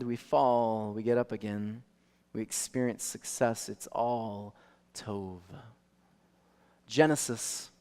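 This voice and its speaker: A male pastor preaching a sermon, animated storytelling that swings from soft to loud. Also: medium pitch, clear, resonant tone. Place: church sanctuary. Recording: long reverb of a church hall.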